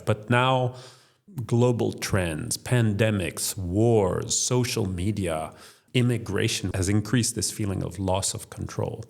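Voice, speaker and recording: A man with a gravelly, creaky voice gives structured interview answers, walking through his points one by one. His voice sits a little low. He speaks as the head of a think tank. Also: measured pace, darkish tone. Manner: structured, explanatory, lists points in order. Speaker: think tank chief executive, podcast guest.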